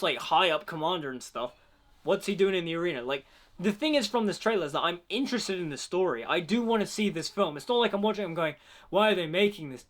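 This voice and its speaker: A man's voice: high voice, fairly bright tone. Chatty man reacting to a film trailer. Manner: chatty, leans heavily on "like". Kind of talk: casual trailer reaction commentary.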